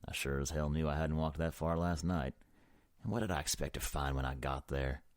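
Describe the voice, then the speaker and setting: A man narrating an audiobook in the first person with a measured, brooding delivery. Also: rumbling low, dry recording, clean studio sound.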